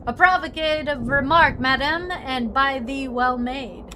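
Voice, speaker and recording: A woman's voice: high-pitched, a little slow, sharp tone, slight background noise, rough recording. A woman voicing an old-fashioned, formal landlord who speaks in stilted archaic phrases. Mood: pompous.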